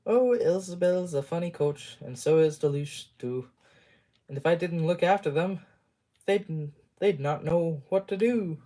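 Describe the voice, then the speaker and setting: A proud young tank engine boasts in a bright, sing-song storybook voice, put on by a tired amateur reader. The delivery is slow and deliberate, pitched a little above an ordinary middle voice. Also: close to an everyday voice. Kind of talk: reading a storybook aloud.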